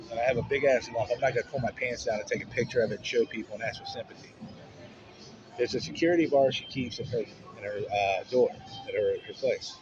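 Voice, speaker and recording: A man vlogging, telling a personal story in a rambling, profane way with frequent restarts. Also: medium pitch. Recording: dull audio with music underneath.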